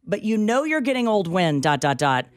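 A woman's voice: mid-range voice, very animated, moderate pace. A woman co-hosting a radio talk show, bantering wryly and joking at her own expense. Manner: wry, self-mocking banter. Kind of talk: casual chat.

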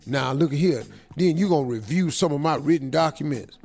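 A man's voice: a little high, moderate pace, darkish tone, faint music behind. A man playing a brash 43-year-old manager who talks back to his older boss in blunt street slang. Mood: defiant.

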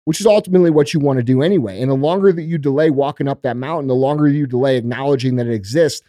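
A man's voice: medium pitch, darkish tone, no echo, clean studio sound. A male podcast host giving a blunt, profane motivational talk in a casual, emphatic way.

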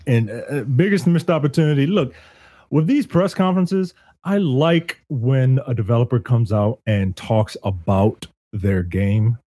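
A middle-aged man co-hosting a casual podcast, joking and mock-scolding in a lively way. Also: medium pitch, measured pace, dry recording. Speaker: podcast co-host.

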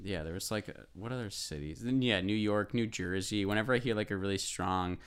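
A man's voice: lowish voice, fairly quick, fairly bright tone, smooth. A young man from the Midwest chatting casually, with loose slangy talk, swearing and lots of fillers. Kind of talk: casual chat.

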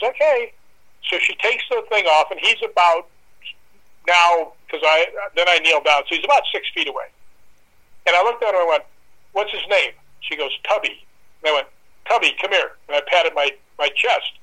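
A man's voice: high-pitched, moderate pace, rough recording. A man telling a dramatic personal anecdote in an interview, acting out voices and growls as he goes. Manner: lively, acts out voices and dog growls. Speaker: guest storyteller.

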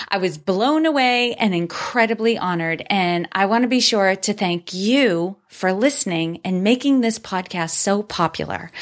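A woman hosting her own podcast, talking upbeat and grateful as she thanks listeners and reads their reviews aloud. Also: medium pitch. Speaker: podcast host. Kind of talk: solo podcast monologue.

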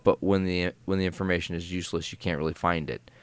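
Deep-voiced man recapping comics casually. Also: flat delivery, fast, clean tone, no room sound. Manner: rambling, filler-heavy retelling. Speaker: podcast co-host.

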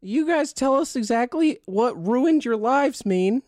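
Teasing woman player, high and animated, dry sound. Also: measured pace, no room sound. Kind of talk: tabletop game play.

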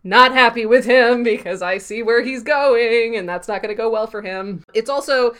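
A woman co-hosting a podcast, casually recapping a TV episode with lots of fillers and quick asides. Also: a little high, fairly bright tone. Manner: chatty recap with frequent fillers and laughs. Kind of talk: casual chat.

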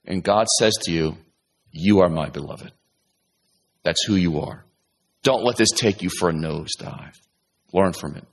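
Animated man preaching a sermon. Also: low-pitched, moderate pace. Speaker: pastor.

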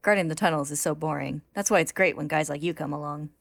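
A woman's voice: sits low, fast, vocal fry, no echo. A woman voicing a cocky, cold male homunculus who talks coolly and snarls when pushed.

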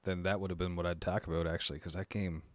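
A man with a lowish voice trades teasing banter as a podcast co-host. His sound is dry and close, with no room echo. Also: little pitch movement, quick pace. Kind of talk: casual chat.

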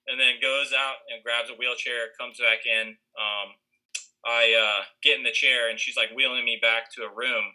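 A man's voice: mid-range voice, flat delivery, normal speed, pushed and bright, poor audio. A young man casually telling a rambling story, full of fillers and restarts, acting out what others said. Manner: rambling, many fillers and restarts, acts out quoted lines.

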